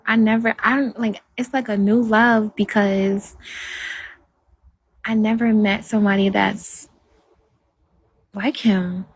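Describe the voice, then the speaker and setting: Woman livestreamer, husky tone, loose rambling chat with viewers. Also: medium pitch, steady tone, takes it slowly, pauses often, dry recording. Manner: rambling, soft-spoken, answers comments.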